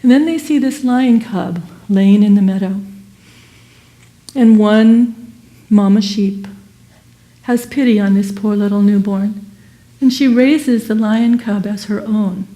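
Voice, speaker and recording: A woman giving a Sunday service sermon and telling a parable in an animated, expressive way. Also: mid-range voice, takes it slowly, long pauses. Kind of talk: sermon with storytelling.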